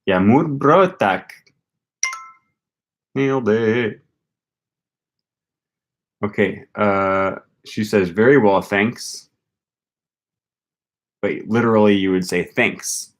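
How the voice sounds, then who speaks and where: A young man casually thinking aloud as he tries a language app, slowly repeating foreign phrases after a recording. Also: fairly low pitch. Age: young adult. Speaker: language learning vlogger. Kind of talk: casual commentary while using a language app.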